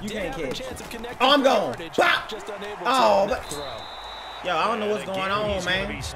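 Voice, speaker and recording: A male gaming host reacting to a football video game with loud, hyped shouting and slangy trash talk, his voice strained from yelling. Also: sits high, unhurried, crowd noise. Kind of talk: excited game-playing commentary.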